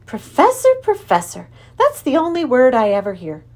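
A woman voicing a gentle mother who mildly scolds, in a storybook reading. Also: sits high, huge pitch swings, normal speed, pitched above the performer's own voice, exaggerated voice. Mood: teasing. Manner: gentle, lightly admonishing.

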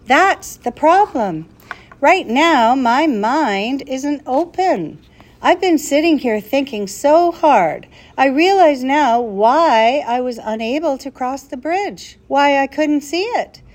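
A woman's voice: sits high, animated, slow pace, voice pushed up. A woman voicing a flustered, worried old male professor who talks anxiously and with exasperation in a storybook reading. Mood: fretful.

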